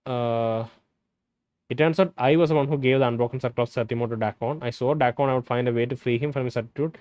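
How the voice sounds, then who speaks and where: A man playing a role-playing game, reading its dialogue aloud and thinking out loud between lines. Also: mid-range voice, steady tone, quick pace, no room sound, muffled recording. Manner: hesitant, restarts and fillers, reads dialogue in plain voice. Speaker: gameplay streamer.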